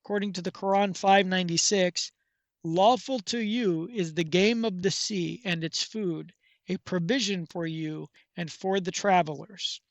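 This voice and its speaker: A man giving scripted documentary narration in a measured, even reading. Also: high-pitched, no echo.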